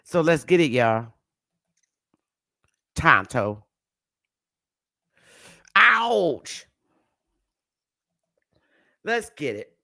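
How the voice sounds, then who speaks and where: A woman's voice: rumbling low, expressive, takes it slowly, long pauses, fairly bright tone, no room sound, clean studio sound. A woman giving a casual, emphatic lecture to camera, with repetitive, preachy asides. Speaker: self-styled history teacher.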